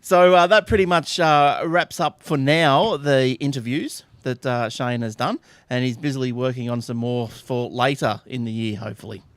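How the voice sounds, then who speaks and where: A man's voice: mid-range voice, normal speed, few pauses, no room sound. Australian man hosting a podcast. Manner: relaxed, steers the talk with fillers. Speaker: podcast host. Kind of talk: casual podcast chat.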